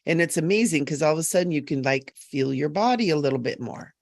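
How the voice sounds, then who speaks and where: Woman, psychic medium, live-stream chatter, gravelly, earnest, emphatic, dry webcam sound. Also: sits low, lively intonation, fast, no room sound.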